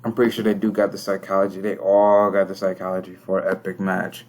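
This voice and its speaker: A man's voice: deep voice, completely flat delivery, fast talker, darkish tone. A young man giving casual, slangy commentary on a wrestling management game, reading out match ratings. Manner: laid-back, slangy, reads scores aloud. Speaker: gaming commentator.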